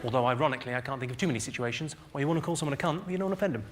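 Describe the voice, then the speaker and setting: A man's voice: medium pitch, racing. A middle-aged man doing stand-up comedy, dry and crude as he teases the audience. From England. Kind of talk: stand-up comedy with crowd work. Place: comedy venue on stage. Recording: live show with loud crowd noise.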